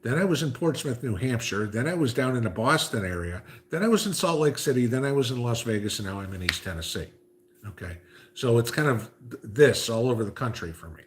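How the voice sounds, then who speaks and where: A man's voice: medium pitch, expressive, a little fast. A man hosting a casual livestream, reading viewer comments and chatting, with frequent "okay?" asides. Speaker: livestream host reading chat.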